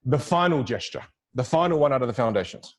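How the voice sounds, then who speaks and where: A man teaching public speaking to a virtual audience, with a lively, demonstrative delivery that swings his pitch widely and repeats key phrases for emphasis. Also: fast talker.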